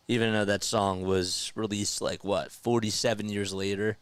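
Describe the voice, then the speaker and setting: A young man doing live baseball play-by-play as a streamer, chatty and quick to laugh, reading viewer comments between pitches. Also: flat delivery, clear, resonant tone, no echo. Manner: chatty, laughs often, reads chat aloud.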